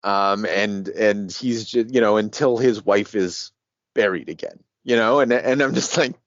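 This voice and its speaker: A man co-hosting a casual podcast about comics, talking in an animated way, laughing often and swearing freely. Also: on the low side, unhurried, no echo. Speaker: podcast co-host. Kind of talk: casual comic book discussion. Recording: dry, dull lo-fi sound.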